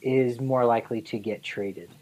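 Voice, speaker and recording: Low-voiced woman talking sports casually. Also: fairly even intonation, normal speed, warm tone, rough recording. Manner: conversational, rambling, hedges with fillers. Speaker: podcast co-host.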